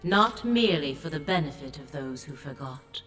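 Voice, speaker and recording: An actress voicing a grave, ancient sea goddess in a video game, speaking in a solemn, measured, commanding way. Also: female voice, deep voice, animated, fairly bright tone, soft background music. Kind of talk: game voice acting.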